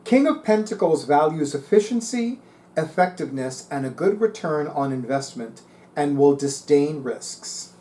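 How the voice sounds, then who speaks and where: A man's voice: a little high, animated, a little slow, mellow. A middle-aged man reading tarot articles aloud and musing on them in a casual, chatty way. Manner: musing, reads aloud then comments. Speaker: tarot reader.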